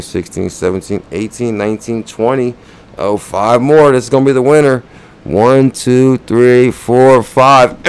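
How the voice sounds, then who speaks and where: A man's voice: mid-range voice, creaky, slight background noise. A man hosting a crypto channel, chatting loosely with viewers, counting down names and urging likes and comments. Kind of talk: casual livestream chat.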